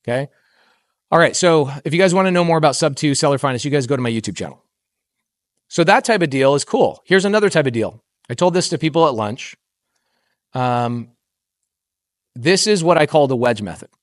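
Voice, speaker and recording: A man's voice: fairly high pitch, fairly quick, pauses often, no echo, clean studio sound. A middle-aged man giving a motivational talk at a real estate summit, telling stories with acted-out dialogue and asking the audience questions. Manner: animated storyteller, acting out quoted dialogue, quizzing the crowd.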